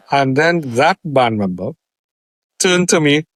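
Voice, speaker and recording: A man's voice: on the high side, slow pace, dry recording. A man, co-hosting a casual podcast and telling a story with acted-out voices and frequent laughter. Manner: animated storyteller, acts out voices, laughs often. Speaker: podcast co-host.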